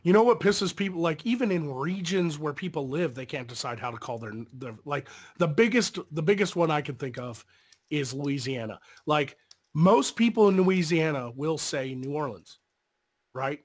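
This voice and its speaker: A young man, chatting loosely on a stream, rambling and swearing, quick to laugh. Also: a little high, animated. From Arkansas. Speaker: podcast co-host. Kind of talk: casual chat on a live stream.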